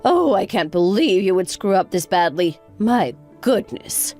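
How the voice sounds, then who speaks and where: A woman playing a sharp-tongued, scornful older mother-in-law who talks in a sarcastic, scolding way. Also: mid-range voice, lively intonation, measured pace. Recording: faint background music.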